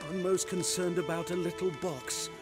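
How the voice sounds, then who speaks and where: An actor playing a frightened, pleading middle-aged merchant in a video game, speaking in old-fashioned rustic phrasing. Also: male voice, high voice, flat delivery, moderate pace, natural voice. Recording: game audio with music behind.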